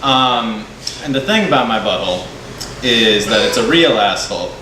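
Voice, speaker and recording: A man doing a stand-up set, hesitant and self-deprecating, with many pauses. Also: on the low side, lively intonation, echoey room, noisy background. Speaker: stand-up comedian.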